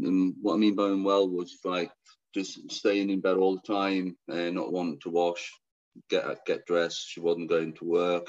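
A man telling his own difficult story as an interview guest, halting, restarting often, and speaking frankly. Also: low voice, muffled recording. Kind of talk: candid personal storytelling.

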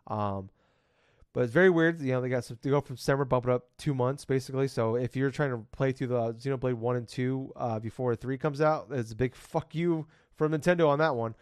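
A man's voice: medium pitch, a little fast, smooth, no room sound, studio quality. A man in his thirties hosting a casual podcast, rambling and ranting with lots of swearing. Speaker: podcast host.

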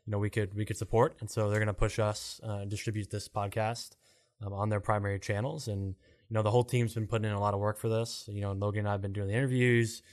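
Fast-talking calm podcast man. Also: fairly low pitch. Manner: calm, rambling with many fillers. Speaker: podcast co-host and co-founder. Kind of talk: casual podcast chat.

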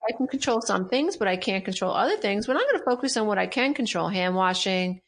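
A middle-aged woman speaks as a guest coach, her pitch sitting right in the middle. She presses her points with emphatic energy and often says them twice. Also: fast, a little hiss or hum. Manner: emphatic, repeats key phrases, animated. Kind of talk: interview conversation.

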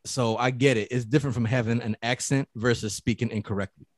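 Loud, laughing man with a Bronx accent. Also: medium pitch, fast talker, no room sound. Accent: New York (Bronx). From the Bronx, New York. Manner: loud, animated, laughs often. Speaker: podcast co-host. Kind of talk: casual chat.

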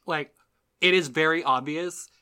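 A man's voice: a little high, unhurried, pushed and bright, clear, resonant tone. A man co-hosting a podcast, casually recapping a show with chatty asides. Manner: chatty, full of fillers and asides. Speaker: podcast co-host.

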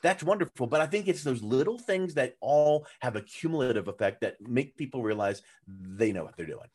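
A man being interviewed as a business coach, talking loosely and animatedly, slipping into acted-out voices with big jumps in pitch. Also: animated, brisk, a little mellow. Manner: loose and chatty with fillers. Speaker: guest, authority positioning coach. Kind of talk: conversational podcast interview.

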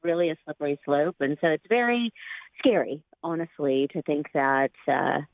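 A woman calling a radio show, speaking in an earnest, measured way over the phone. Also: low voice, dry recording, phone-quality sound. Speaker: caller, physician. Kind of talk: radio call-in.

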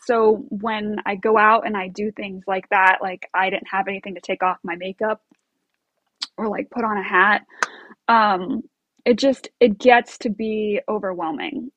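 A woman's voice: medium pitch, steady tone, unhurried, fairly bright tone, dry recording, highs cut off. A woman telling a story as an interview guest, bubbly and chatty with many fillers and laughs. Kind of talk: casual storytelling.

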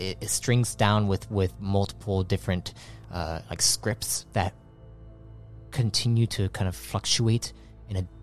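A man narrating as game master of a tabletop game, halting and repeating words as he goes. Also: low-pitched.

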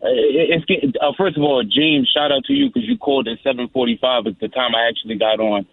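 A man's voice: mid-range voice, wildly swooping pitch, fast, gravelly, no room sound. A man calling in to a radio show, rambling with stammering restarts. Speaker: caller. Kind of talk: call-in radio chat. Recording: tinny phone line.

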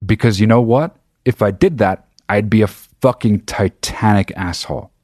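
A man's voice: on the low side, moderate pace, a little mellow, no room sound, studio quality. A man hosting his own podcast, talking in a casual, profane and emphatic monologue. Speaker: podcast host.

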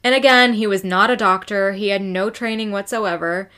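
A woman co-hosts a relaxed true crime podcast. She tells the story loosely, swears freely and keeps a conversational tone. Her pitch sits at an ordinary middle level. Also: normal speed, smooth.

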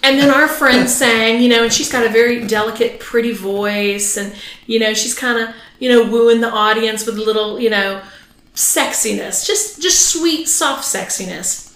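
Bawdy woman podcast host with a slightly high voice, laughing through her stories in a roomy echo. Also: moderate pace, fairly bright tone. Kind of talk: casual bawdy podcast chat.

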